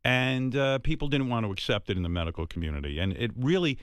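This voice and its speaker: A man's voice: medium pitch, animated, fast, clear, resonant tone, no echo, studio quality. A man in his sixties hosting a radio talk show, speaking earnestly and heartfelt, rambling with many restarts.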